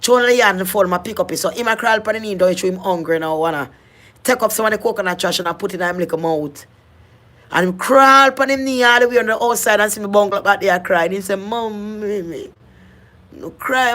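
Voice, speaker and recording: With a mid-range, slightly bright voice and a fast delivery, a middle-aged woman with a Jamaican accent recounts her life story in sincere patois. She often repeats phrases and starts them over.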